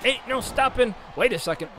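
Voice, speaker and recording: Bright-voiced young man joking through gameplay. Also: extremely high pitch, lively intonation, normal speed. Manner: rambling, joking, mock play-by-play calls. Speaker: let's play commentator. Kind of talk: casual gameplay commentary. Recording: echoey room, game music behind.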